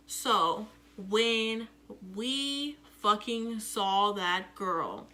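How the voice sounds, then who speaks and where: A young woman telling a casual storytime, profane and animated, acting out the quotes loudly. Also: medium pitch, a little hiss or hum. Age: young adult. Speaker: vlogger.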